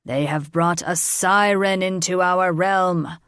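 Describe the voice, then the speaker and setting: A woman voicing an arrogant male dragon king who speaks slowly, loudly and with menace. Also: lowish voice, steady tone, clear, resonant tone, no room sound, clean studio sound. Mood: menacing. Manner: growling, slow and commanding.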